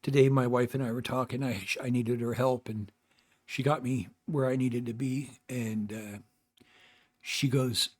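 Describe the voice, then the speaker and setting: An older man from North America hosting his own channel, giving rambling, halting advice in casual talk with many fillers and restarts. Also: mid-range voice, steady tone, darkish tone. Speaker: channel host.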